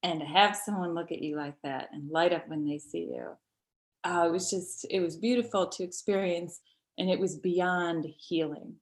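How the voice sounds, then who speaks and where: A middle-aged woman recounting a personal story as an interview guest, halting and tender with many pauses and restarts. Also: on the low side, steady tone.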